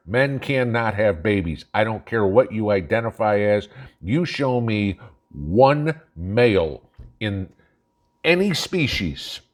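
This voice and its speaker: A man hosting his own channel, delivering an angry, profane political rant, blunt and mocking. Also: lowish voice. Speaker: channel host. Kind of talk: ranting political monologue.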